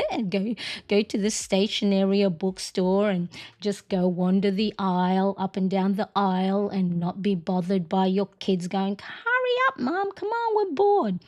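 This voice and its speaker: A woman's voice: medium pitch, a little mellow. Middle-aged lady chatting on a planner livestream, easygoing, lots of "you know" and "right?", close mic. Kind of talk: casual chat.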